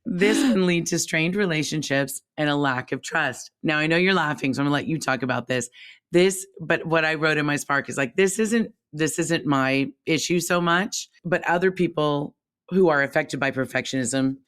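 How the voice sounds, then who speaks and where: A woman co-hosting a podcast, talking in a reflective, animated way that jumps up when she stresses a point. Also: moderate pace. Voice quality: calls her own voice squeaky. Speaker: podcast co-host. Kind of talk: casual chat.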